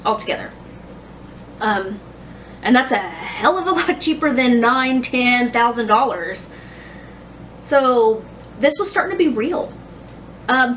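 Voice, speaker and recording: A woman in her thirties talks through her story in a casual, rambling vlog, circling back on herself with restarts and ums. Her voice sits a little high. She is a bit far from the mic, with faint noise behind her. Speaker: vlogger.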